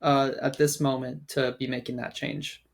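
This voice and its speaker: A man co-hosting a podcast, giving measured, slightly hesitant sports opinions. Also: medium pitch, little pitch movement, vocal fry. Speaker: podcast co-host. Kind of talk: casual sports chat.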